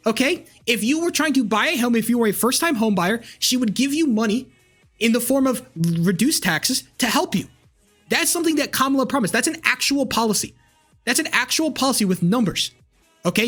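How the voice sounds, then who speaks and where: A man's voice: very high-pitched, lively intonation, a little fast, a bit bright, soft background music. A man streaming live, ranting combatively and profanely as he argues with chat. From United States. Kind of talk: live-stream political rant.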